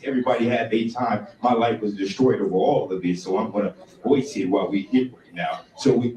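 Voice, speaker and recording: A middle-aged man from Minnesota, a guest activist giving a fiery, rambling speech that bursts into shouting, heard on a remote call line. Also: mid-range voice. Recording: echoey, distant from the mic.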